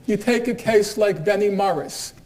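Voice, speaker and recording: A man with a notably high-pitched voice delivers a university lecture. He speaks in a measured, deliberate way, with a dry, sardonic undertone. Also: a little mellow. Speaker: guest lecturer.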